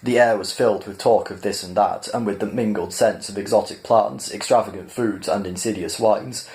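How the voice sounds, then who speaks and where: A man reading a novel aloud in a measured, plain narrating style. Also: on the low side, a little mellow. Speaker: reader. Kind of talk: audiobook-style storybook reading.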